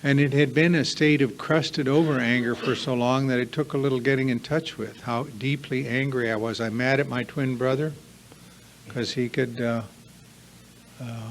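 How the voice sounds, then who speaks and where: Before a live audience in a meeting room, a man delivers an earnest, emphatic recovery talk in a confessional vein, piling on repeated lists. His mid-range voice moves at normal speed with fairly even intonation, and there's slight background noise.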